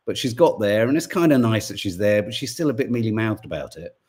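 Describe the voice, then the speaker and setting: A man's voice: mid-range voice, a little mellow. A man hosting a podcast, giving indignant, sweary political commentary. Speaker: podcast co-host.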